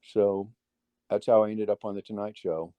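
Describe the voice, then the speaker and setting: Mellow-voiced man telling stories in a rambling way. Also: fairly low pitch, steady tone, moderate pace, no room sound, muffled recording. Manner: rambling, with many restarts and quoted dialogue. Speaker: guest magician. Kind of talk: casual interview storytelling.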